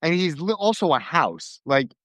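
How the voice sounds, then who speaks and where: A man's voice: on the high side, sing-song, moderate pace, a bit bright, no room sound. A man in casual chat with friends, telling stories with energy and laughing at his own jokes.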